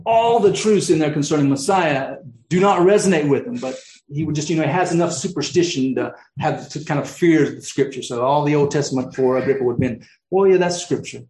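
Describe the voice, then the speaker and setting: A man's voice: fairly high pitch, fairly quick, darkish tone, echoey room, low-quality recording. A man preaching a sermon, earnest, often restarting his sentences and rising into emphatic peaks. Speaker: pastor.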